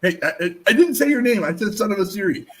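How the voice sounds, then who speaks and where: A man's voice: high-pitched, expressive, fast talker, slight background noise. A man streamer in casual chat, talking in a playful, teasing, joking way.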